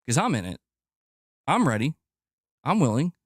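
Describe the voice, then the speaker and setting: A man hosting a gaming channel livestream, ranting in an exasperated, profane way that repeats itself and climbs in pitch as he gets worked up. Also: sing-song, normal speed, dry recording, clean studio sound. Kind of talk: livestream rant reading chat.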